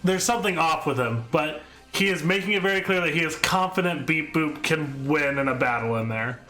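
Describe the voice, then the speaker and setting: A man's voice: on the high side, a little fast, sharp tone, soft background music. A man running a tabletop game as game master, describing the scene with many fillers. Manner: filler-heavy descriptive narration.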